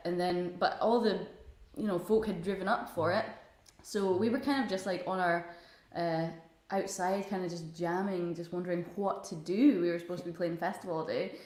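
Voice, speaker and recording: Woman, guest musician, casual rambling chat, slightly low, echoey room. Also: darkish tone. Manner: chatty, laughs often, rambling with fillers. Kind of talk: casual chat over video call.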